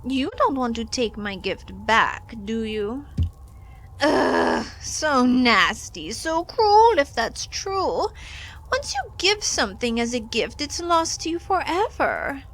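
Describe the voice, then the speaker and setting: A woman voicing a greedy, gluttonous female bug creature in a game, drawling slow and coaxing in a sing-song way. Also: high-pitched, big pitch swings, fairly bright tone, pitched above the performer's own voice, heavily acted, low-quality recording. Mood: wheedling. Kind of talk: reading game dialogue aloud in a voice.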